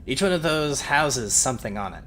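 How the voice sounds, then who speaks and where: Bright-voiced man narrating as game master. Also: mid-range voice, expressive, fairly quick, slight background noise. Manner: descriptive narration, laughs often.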